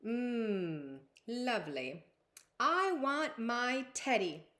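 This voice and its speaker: A woman voicing a sassy, demanding little girl princess in a storybook read-aloud, with a whiny, drawn-out delivery. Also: mid-range voice, lively intonation.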